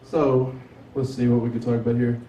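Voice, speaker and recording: A man's voice: medium pitch, flat delivery, fairly quick, mellow. Southern man doing stand-up in a bar. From Tennessee. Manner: drawling, conversational, swears freely. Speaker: stand-up comedian. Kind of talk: open mic stand-up. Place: sports bar with a light crowd. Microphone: 360 camera from across the room. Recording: echoey bar from far off.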